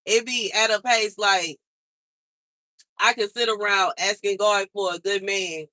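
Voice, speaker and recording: A young woman vents to her livestream audience, frustrated and emphatic, and she keeps circling back to the same complaints. Her voice is bright and tense. The sound is dry and close, with no room echo. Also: mid-range voice, fairly even intonation, unhurried. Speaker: livestream host. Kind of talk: venting on a livestream.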